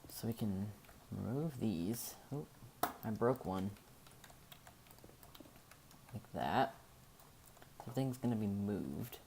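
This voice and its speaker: A man with a very deep voice talks through a game-building tutorial in an unhurried, rambling way. He thinks out loud, loses words and circles back to correct himself. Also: expressive, gravelly, a little hiss or hum. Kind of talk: casual gameplay tutorial narration.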